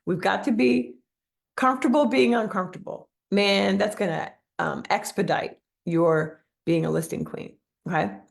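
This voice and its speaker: Emphatic woman coach with a gravelly edge. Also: on the low side. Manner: emphatic, repeats key phrases, asks for comments. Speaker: real estate business coach. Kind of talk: live-streamed motivational coaching.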